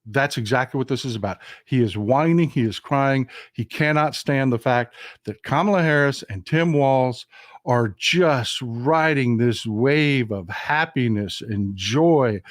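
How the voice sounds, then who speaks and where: A man's voice: mid-range voice, a little slow, no room sound, clean studio sound. A man with a Southern American accent hosting a casual political live stream, talking in a folksy, emphatic way and answering his chat.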